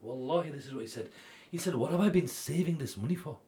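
A man making a charity appeal on TV. He swings between loud, pressing urging and hushed, intimate storytelling. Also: a little high, expressive, fast, a little hiss or hum. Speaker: charity fundraiser. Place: TV studio.

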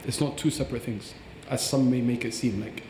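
A fast-talking man with a mellow voice explains recitation like a patient teacher, slipping into recited Arabic phrases. He sounds roomy, with a long reverb trailing his words in a large hall. Faint ambience sits behind him. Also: medium pitch, fairly even intonation, slight background noise. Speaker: Quran teacher. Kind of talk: podcast explanation.

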